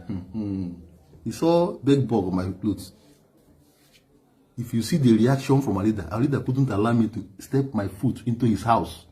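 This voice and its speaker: A Nigerian man telling stories in an animated monologue, often laughing and repeating words, sometimes switching into Igbo. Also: medium pitch. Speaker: activist giving a testimony.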